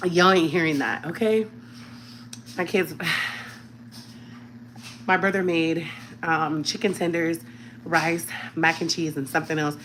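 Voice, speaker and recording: A woman's voice: lowish voice, steady tone, normal speed, long pauses, slight background noise. A woman hosting a casual livestream from her home, talking straight to her viewers on a phone held at arm's length, sometimes dropping to a whisper. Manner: chatty, talks straight to viewers, often drops to a whisper. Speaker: livestream host. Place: home, walking through rooms.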